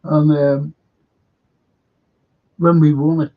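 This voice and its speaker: In a casual podcast chat, an older host with a Liverpool accent meanders through anecdotes full of swearing. He's unhurried, creaky and husky with a somewhat high voice, pausing often, and the recording is dull and lo-fi.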